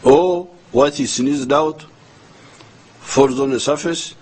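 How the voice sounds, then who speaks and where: Slow older Ugandan man addressing the nation. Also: a little high, darkish tone, breathy edge, rough recording. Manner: slow and deliberate, repeating words while searching for them. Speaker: head of state addressing the nation.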